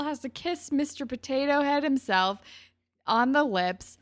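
Woman, slightly high voice, giggly, casual podcast recap. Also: normal speed, fairly bright tone. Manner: chatty, giggly, many "like" fillers. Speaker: podcast co-host. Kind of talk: casual chat recapping a TV episode.

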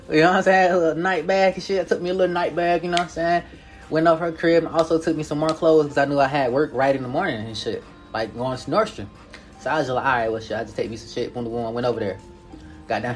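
A young man telling a casual story in a profane, slangy, animated way, full of filler tags. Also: fairly high pitch.

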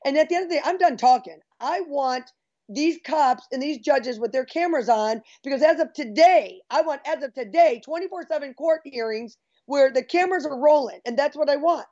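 A woman's voice: sits high, a little fast, darkish tone, highs cut off. A woman speaking emphatically and with determination, calling for change on behalf of victims. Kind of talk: impassioned call to action.

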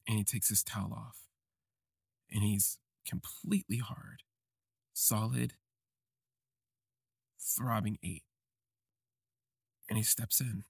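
A young adult man hosting a podcast, telling a confessional first-person story in slow, halting, reflective phrases. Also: on the low side, vocal fry, darkish tone, slightly rough, no echo, clean studio sound. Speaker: podcast host.

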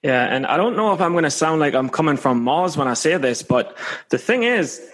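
A Scottish man joins a trading podcast as a guest and talks casually. His voice sits a bit high, and he is playful and quick to poke fun at himself. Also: expressive, a bit bright. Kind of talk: casual chat.

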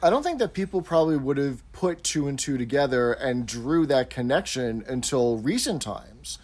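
A man's voice: mid-range voice, very animated, normal speed, a little mellow. A man co-hosting a podcast, chatting casually and eagerly retelling scenes. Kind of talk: casual chat.

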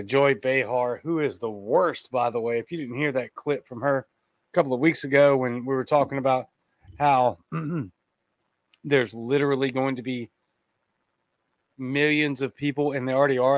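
A man's voice: medium pitch, no room sound. A man hosting a live podcast, giving blunt, indignant commentary on a TV clip and talking straight to his listeners. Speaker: podcast host.

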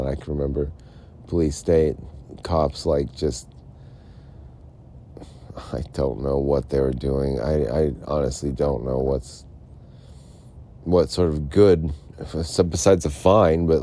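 Low, dark-voiced man ranting. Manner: frustrated, mumbling, repetitive. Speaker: podcast host. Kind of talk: rambling solo podcast rant. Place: Arizona.

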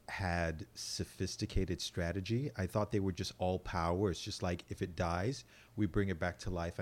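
A man chatting casually on a podcast, animated, laughing easily and swearing casually. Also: low voice. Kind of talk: casual chat.

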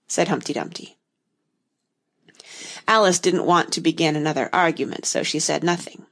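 A woman narrating a storybook in an expressive audiobook reading. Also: deep voice, normal speed, creaky.

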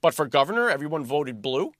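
Male show host with a high, animated voice; forceful, combative monologue delivery with repeated words. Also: brisk, dry recording, clean studio sound. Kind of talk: political commentary monologue.

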